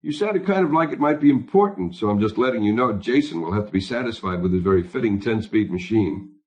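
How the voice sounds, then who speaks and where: A man's voice: fairly low pitch, expressive, fast, darkish tone, lightly acted. A man reading an audiobook, voicing a suspicious psychiatrist wife who asks pointed questions. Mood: probing.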